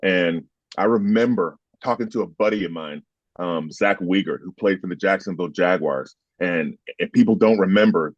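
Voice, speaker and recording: A man's voice: sits low, moderate pace, no room sound. A man in his fifties, a former football player, telling stories in an interview, emphatic and heated as he recounts them, swearing now and then. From United States. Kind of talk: animated storytelling in conversation. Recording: dry, slightly dull sound.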